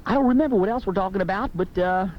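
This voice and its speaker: A man's voice: high voice, rapid-fire. Brash, opinionated man hosting late-night talk radio. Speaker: radio talk show host. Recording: lo-fi AM radio tape with faint hiss.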